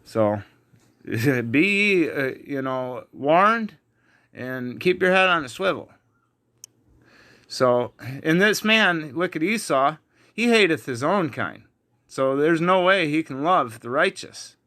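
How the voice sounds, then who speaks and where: A man's voice: a little high, animated, slow pace, pushed and bright. A man teaching from the Bible in an online video, heated and emphatic, with frequent fillers. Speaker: preacher.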